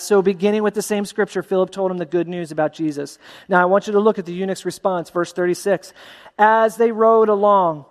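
Pastor, male, high voice, lively sermon delivery with a long hall echo. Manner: animated, acts out voices of story characters.

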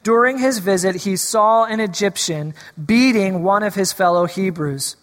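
A man's voice: high voice, moderate pace, fairly bright tone. Guy pastor preaching, kinda jokey then serious, church echo all around. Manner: playful, teasing, then earnest preaching. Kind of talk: sermon. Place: church sanctuary. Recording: long hall reverb.

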